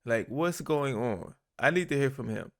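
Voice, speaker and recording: Animated man reacting with laughs. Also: mid-range voice, normal speed, gravelly. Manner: animated, laughing, repeats himself for emphasis. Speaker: reaction channel host. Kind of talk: casual commentary on clips.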